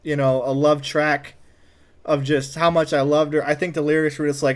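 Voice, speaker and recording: Animated man telling a funny story. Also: on the high side, brisk. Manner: animated, acts out quotes in a raised voice. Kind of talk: comedic personal story.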